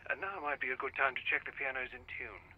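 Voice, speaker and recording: A man's voice: medium pitch, quick pace, highs cut off, natural voice. An actor playing a formal, courteous elderly male butler in a video game, heard as noisy game audio in the room. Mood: polite.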